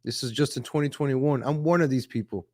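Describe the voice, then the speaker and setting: A man hosting a casual political commentary livestream, talking in a chatty, repetitive way, greeting viewers from the chat and often saying "ladies and gentlemen". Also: mid-range voice, a little fast, no echo, studio quality. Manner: reads viewer chat names aloud. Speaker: livestream host.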